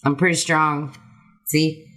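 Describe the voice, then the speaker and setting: A woman's voice: deep voice, flat delivery, slow pace, fairly bright tone. A woman playing a cheerful, strong orphaned adventurer who gives brief, chipper replies. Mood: friendly.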